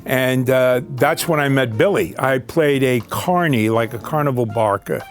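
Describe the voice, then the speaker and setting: A man's voice: medium pitch, measured pace, faint music behind. Older man reminiscing about his acting career. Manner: reminiscing, rambling with fillers. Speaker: actor recalling his career. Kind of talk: documentary interview.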